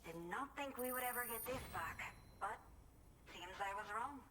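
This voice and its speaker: A woman's voice: on the high side, expressive, moderate pace, noisy background, close to an everyday voice. An actress voicing an earnest, grateful young woman in a video game, a reformed former bandit who now looks after elderly villagers. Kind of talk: game cutscene dialogue.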